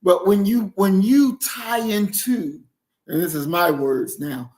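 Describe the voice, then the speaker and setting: A man hosts a livestream and comments on a clip at a very slow, deliberate pace. His delivery is emphatic and preachy, and he stops now and then to speak to his chat. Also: high voice, darkish tone. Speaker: livestream host.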